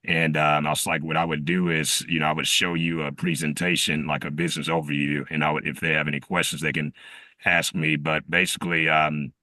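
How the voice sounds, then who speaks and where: Man, very deep and monotone, bright edge to the voice, rambling call-in recap. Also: no echo. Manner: rambling, halting with fillers and restarts. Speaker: team member sharing a reflection. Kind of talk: casual storytelling on a group call.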